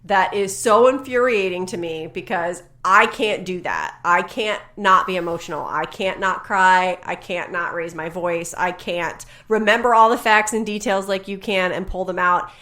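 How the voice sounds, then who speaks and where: Female podcast co-host, earnest and pleading, with a bright voice. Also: medium pitch. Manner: earnest, pleading, halting restarts. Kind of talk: casual talk with spouse.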